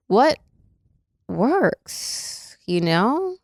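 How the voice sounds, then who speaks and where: A woman's voice: fairly low pitch, animated, normal speed, no echo, studio quality. A woman in her thirties co-hosting a casual podcast, telling stories bluntly with plenty of fillers. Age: 30s. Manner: blunt, laid-back storytelling with frequent fillers. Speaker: podcast co-host.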